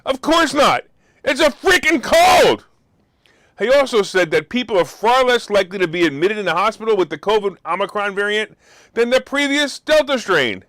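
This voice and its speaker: A man hosting a markets talk show, talking in a sarcastic, animated way, now and then bursting into loud mock outrage. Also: high-pitched, a little fast, dry recording, studio quality. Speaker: host. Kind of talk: opinionated market commentary.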